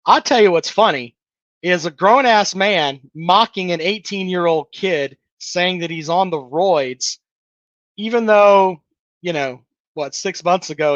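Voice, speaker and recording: A man with a slightly high, somewhat bright voice hosts a casual sports talk livestream, reading chat comments aloud and bluntly mocking them. He's sarcastic, swears freely, and ridicules callers' takes. The sound is lo-fi with no echo.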